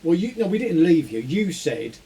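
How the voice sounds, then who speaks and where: A man co-hosting a podcast, telling an animated story in casual chat. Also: fairly high pitch, normal speed, vocal fry, slightly rough. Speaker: podcast co-host.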